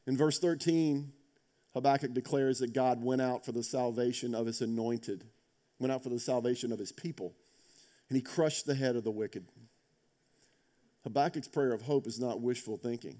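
A man preaching a sermon in a warm, mellow voice. He tells stories conversationally, checks in with his listeners, and swings from loud emphatic peaks down to hushed, intense passages. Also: medium pitch, steady tone, moderate pace. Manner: conversational, asks "right?". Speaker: pastor.

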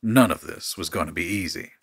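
A man reading a dark horror story in a steady, measured narrating voice. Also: sits low, vocal fry, husky, no echo.

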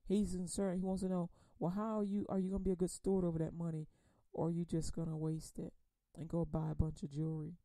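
A woman teaching a Bible study in a conversational preaching manner, repeating words and using folksy phrasing, then reading scripture slowly and with emphasis. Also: fairly low pitch, level tone, warm tone, no room sound. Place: radio program.

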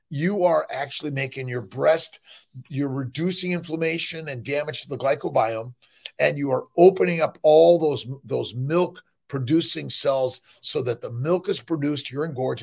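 A man's voice: on the high side, gravelly, a little mellow. A middle-aged male fertility doctor hosting a morning livestream, talking in an emphatic, rambling way with blunt, profane asides. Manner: emphatic, rambling, peppered with "listen" and "right?". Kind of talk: energetic motivational monologue.

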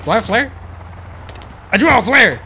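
A man commenting on his own horror game play, jumpy and foul-mouthed, talking to himself and shouting when scared. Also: very high-pitched, very animated, fairly quick, gravelly, slight background noise. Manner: jumpy, profane, talks to himself. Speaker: gamer.

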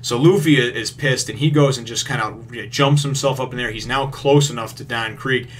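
A man's voice: medium pitch, fairly quick, slight background noise. A man with a mid-range voice recaps a manga chapter in a loose, filler-packed way. He swears casually and gets worked up as he retells the fight scenes. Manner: rambling, filler-heavy, swears freely; gets excited retelling action. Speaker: manga review host.

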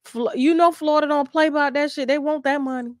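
A raspy-voiced woman hosting a casual advice chat, giving blunt, bossy advice with animated storytelling. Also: sits high, fast talker, no echo, studio quality.

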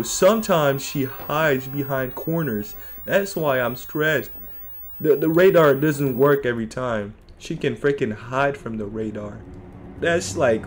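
A young man talks through a horror game in a middle-pitched voice, jumpy and joking, laughing nervously and talking to the game and his viewers. Faint music plays behind him. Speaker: gaming YouTuber. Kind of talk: horror let's play commentary.

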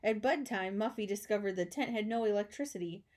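A woman teacher reading a children's storybook aloud, expressive with chatty asides. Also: mid-range voice, fairly quick.

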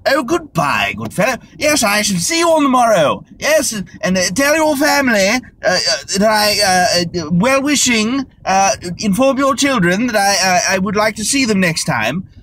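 A prim, overly formal European gentleman, as a man puts him on, pitched up high and lilting as he fumbles through endless polite farewells. His stammered pleasantries never quite end. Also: sing-song, normal speed, hardly any pauses, slight background noise. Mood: fussy. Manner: long-winded, stammering pleasantries.

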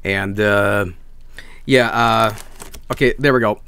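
A man's voice: on the low side, steady tone, takes it slowly, sharp tone, clear, resonant tone. A man from Sweden, hosting a casual snack review stream, enthusiastic and rambling, swearing freely. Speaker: streamer host.

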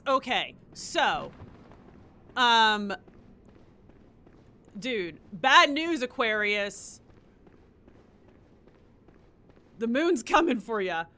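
A ditzy Valley Girl reading horoscopes, as a woman streamer puts her on. Her voice is bright and swoops a lot, and she drawls slowly, peppered with "like" and "um". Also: a little high, big pitch swings, full character voice. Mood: breezy. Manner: drawling, full of "like" and "um".

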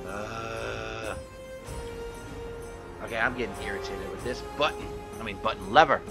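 A man's voice: on the low side, steady tone, a little slow, loud music behind the voice. A man giving gameplay commentary, frustrated and swearing as he talks to objects in the game. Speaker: gaming YouTuber.

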